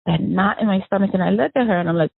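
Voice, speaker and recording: A woman, the victim's sister, recounting memories of her sibling in an emotional, animated way, acting out the dialogue she quotes. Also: mid-range voice, very fast, vocal fry, husky, no echo. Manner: animated storyteller who acts out quoted dialogue. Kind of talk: emotional first-person recollection. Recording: tinny phone-line audio.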